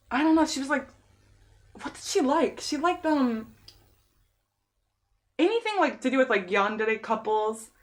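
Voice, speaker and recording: A young woman live-streamer, chatty and quick to laugh, spins stories and acts out what other people said. Her voice sits a little high. She talks in a relaxed, casual way. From San Diego, USA. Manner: chatty storytelling, laughs often, lively quoted dialogue. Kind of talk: casual chat.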